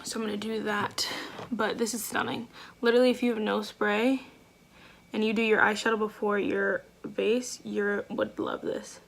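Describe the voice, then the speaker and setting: A woman's voice: medium pitch, level tone, normal speed, vocal fry, background noise. A woman beauty vlogger chatting through a makeup tutorial at home, gushing and effusive, with lots of fillers. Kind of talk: casual makeup tutorial chat.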